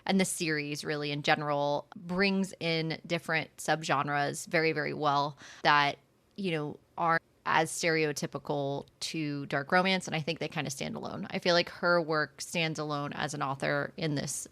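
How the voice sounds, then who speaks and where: Woman host, lowish voice, dry close sound, chatty and enthusiastic. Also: fairly even intonation, normal speed, creaky, a bit bright, smooth, no room sound. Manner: enthusiastic, chatty, with many fillers and asides. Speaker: podcast host. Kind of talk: casual book club chat.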